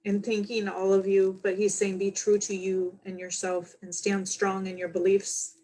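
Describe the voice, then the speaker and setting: A tired woman speaks as a medium on a casual livestream. Her delivery is soft and heartfelt, halting now and then on fillers, with a voice of ordinary pitch for a woman. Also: completely flat delivery, poor audio. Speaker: spiritual medium hosting a livestream.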